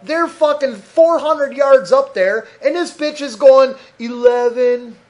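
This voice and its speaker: A man's voice: very high-pitched, takes it slowly. A man hosting a solo podcast, ranting angrily and profanely, mocking other people in put-on voices, recorded on a desk mic at his computer. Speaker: podcast host.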